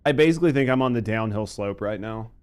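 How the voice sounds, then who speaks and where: A man's voice: lowish voice, quick pace, darkish tone, smooth. A man in his thirties streaming a game, joking and swearing as he chats with viewers. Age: 30s. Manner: profane, joking, reads chat aloud while playing. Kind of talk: casual gaming stream chat.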